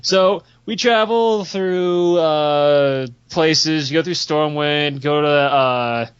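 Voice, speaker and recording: A young man spins a rambling, profanity-laced story with loose giggles, his voice sitting a bit high for a man. The audio is dull and lo-fi. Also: takes it slowly, clear, resonant tone. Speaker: podcast host. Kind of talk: casual storytelling chat.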